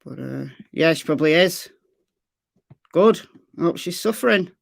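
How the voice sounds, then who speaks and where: An expressive, low female voice with vocal fry comes from a Lancashire-accented true crime livestream host, speaking at a normal speed. Hailing from Lancashire, England, she casually answers viewers, reads chat aloud and repeats phrases, all on a dry, close-mic recording.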